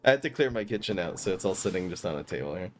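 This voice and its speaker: A man's voice: sits low, lively intonation, very fast, slight background noise. A man streaming live, chatting casually and thinking aloud as he plays a card game. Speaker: gaming streamer.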